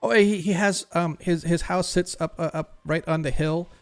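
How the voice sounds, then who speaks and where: A man's voice: fairly high pitch, steady tone, moderate pace, soft background music, pitched above the performer's own voice, close to an everyday voice. A man voicing a nervous, stammering middle-aged male jeweler who is worried about a missing friend.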